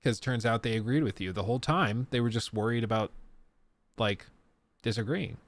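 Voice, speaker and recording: A man's voice: mid-range voice, normal speed. A man in his thirties from the US South with a faint Colorado accent, chatting casually on a live stream, rambling and restarting sentences. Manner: rambling, self-interrupting, reads chat aloud. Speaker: streamer host.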